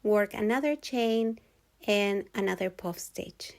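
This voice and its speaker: A woman giving a calm, patient step-by-step crochet tutorial voice-over, repeating each step clearly. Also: mid-range voice, slow pace. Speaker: crochet instructor.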